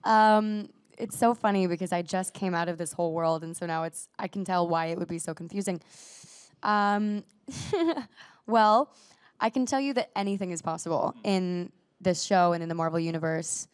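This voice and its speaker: A young actress guest with a fairly low, clean voice chats in a casual interview, recorded dry with clean studio sound. She's bubbly, heavy on "like" and quick restarts, and still coughing from a recent illness.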